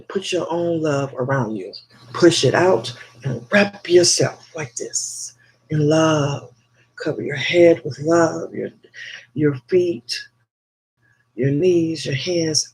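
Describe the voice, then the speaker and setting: A man with a high voice hosts a spiritual livestream from his phone. He talks at an unhurried pace, repeating affirmations again and again. He greets his viewers with open affection. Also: a little mellow, breathy edge. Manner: slow, repetitive chanting of affirmations, affectionate toward viewers. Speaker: livestream host.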